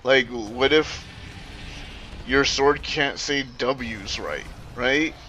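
A man streaming, ranting casually to his chat in an animated, profane, rambling way with frequent self-corrections. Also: mid-range voice, very slow, slight background noise.

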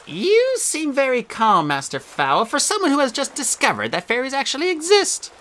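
A man voicing a stern female fairy police officer who speaks in a flat, clipped, formal way. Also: very high-pitched, normal speed, pitched above the performer's own voice, heavily acted.

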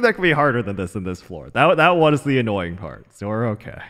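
A man's voice: fairly low pitch, very animated, fast, a bit bright. Exasperated gamer man ranting wildly. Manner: frustrated ranting, swearing. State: tired. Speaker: gaming channel host. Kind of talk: live gameplay commentary.

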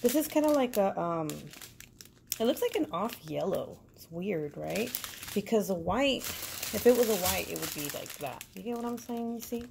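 A woman's voice: mid-range voice, lively intonation, moderate pace, vocal fry. A woman vlogger chatting casually through a crafting unboxing, rambling along with lots of fillers. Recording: loud crinkling packaging noise.

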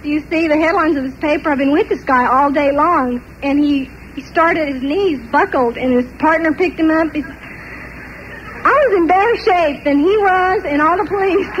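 An older woman telling a personal story in an animated way, often laughing between parts of it. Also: high voice, moderate pace, muffled recording, a little hiss or hum. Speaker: testimony speaker.

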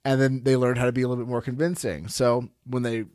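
A man's voice: mid-range voice, flat delivery, quick pace, darkish tone, no room sound, studio quality. A man hosting a podcast in a loose, rambling way, restarting his sentences as he thinks. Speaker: podcast host. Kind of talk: casual podcast chat.

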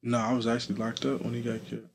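A man's voice: mid-range voice, completely flat delivery, racing, vocal fry, husky. A young adult man, a guest in an interview, talking loosely with lots of fillers. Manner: laid-back, loose, with many fillers like "you feel me". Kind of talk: casual street interview talk.

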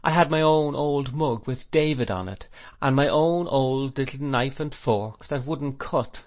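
Man, audiobook narrator, measured storytelling, mid pitch, classic novel reading. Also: muffled recording. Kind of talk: scripted narration.

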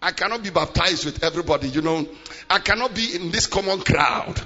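A middle-aged man preaching a sermon in a large church hall, swinging between shouted declarations and hushed, low-voiced passages. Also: a little fast. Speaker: pastor. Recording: muffled live church recording with long reverb.

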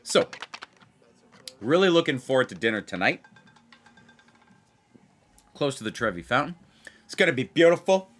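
A casual, excitable man chats as he plays blackjack, calling out to his viewers and repeating his excited remarks. His pitch rises and falls widely as he talks. He stays at an ordinary, middle pitch for a man. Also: normal speed, pauses often, faint music behind. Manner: excitable, repeats himself, addresses viewers as players. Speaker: blackjack video host. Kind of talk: casual chat while playing blackjack.

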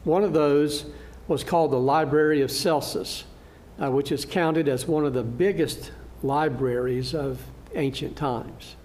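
Halting, slightly high-voiced man teaching. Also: fairly even intonation, darkish tone, a little hiss or hum. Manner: halting, frequent "uh" fillers and restarts; good-humored, laughs at his own slip. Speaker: Bible class teacher. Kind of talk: slide-show lecture to a church class. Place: church classroom.

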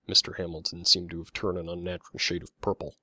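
A man reading his own novel aloud as an audiobook, in an even, measured storytelling voice. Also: low voice, no room sound. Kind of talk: audiobook narration.

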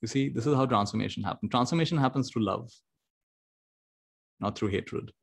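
A meditation teacher speaks to an audience over a video call, his voice at an ordinary middle pitch. He tells stories with energy, acting out the voices in them and laughing along the way. The delivery is animated and inspiring rather than formal. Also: a little fast, vocal fry. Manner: animated, acts out quotes, laughs often. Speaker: meditation teacher giving a talk. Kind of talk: motivational storytelling talk.

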